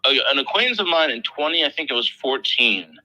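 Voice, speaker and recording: Male crypto show host, 30s, from the Philly area. Very bright, loose and profane. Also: medium pitch, a little fast, poor audio. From Philadelphia area. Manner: loose, profane, animated storytelling. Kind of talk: casual chat.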